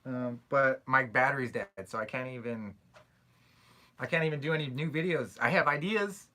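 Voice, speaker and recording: A young man hosts a casual live stream, answering viewer questions in a loose, rambling way and apologizing often. His voice has a bright, forceful edge at an ordinary middle pitch. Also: moderate pace. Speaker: YouTube creator answering live chat questions.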